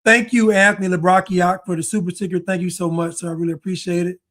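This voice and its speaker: A man with a notably high voice talks casually to his livestream audience. He muses aloud, trails off and restarts his thoughts, and reacts to the clips he plays. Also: little pitch movement, fast talker, a bit bright. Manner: chatty, musing, trails off and restarts. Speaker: livestream commentator. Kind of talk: casual live-stream commentary.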